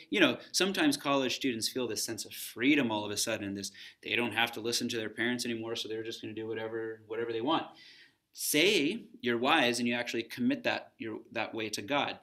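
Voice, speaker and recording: A man's voice: medium pitch, fairly quick, pushed and bright. A man teaching a recorded Bible lesson for students, talking in a conversational way and stopping to pose questions.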